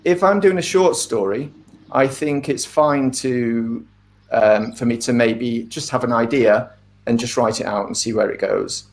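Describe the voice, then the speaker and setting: A middle-aged man, an author being interviewed, talking in a thoughtful, measured way with frequent ums and asides. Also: medium pitch. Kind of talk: casual interview talk.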